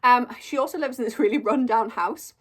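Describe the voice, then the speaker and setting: A woman's voice: a little high, a little fast, breathy edge. A young woman chatting casually through a monthly reading wrap-up, gushing and storytelling with lots of "like". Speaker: book reviewer.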